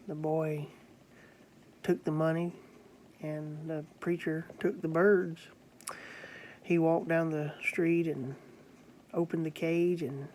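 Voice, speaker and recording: Slow, earnest preacher. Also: medium pitch, darkish tone, slight background noise. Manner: slow, earnest, halting with fillers. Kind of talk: storytelling sermon.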